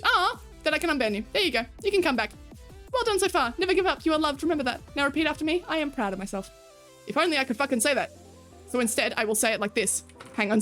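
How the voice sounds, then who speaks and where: High, swearing Australian woman streamer. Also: a bit bright. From rural Australia. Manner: frank, swears freely, laughs often. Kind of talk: casual livestream chat with viewers.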